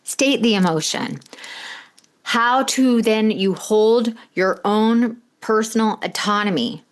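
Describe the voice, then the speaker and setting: A woman hosts her own podcast and talks straight to the listener. She coaches in short, punchy lists of tips, blunt and direct, with a bit of casual swearing. Her pitch sits at an ordinary middle height for a woman. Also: a little slow. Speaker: podcast host. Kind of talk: solo podcast advice talk.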